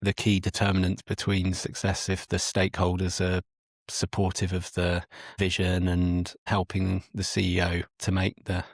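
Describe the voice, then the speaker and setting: A male interviewer with a low, gravelly voice guides the talk with short affirmations and gently probing questions. He is recorded close on a dry mic with no room around him. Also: monotone, normal speed, no room sound. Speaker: podcast host.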